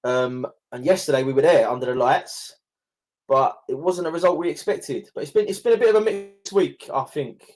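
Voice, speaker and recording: A man's voice: a little high, fairly quick, a little mellow. A young man hosting a casual podcast, chatty, swearing and laughing often. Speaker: podcast host. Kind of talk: casual chat.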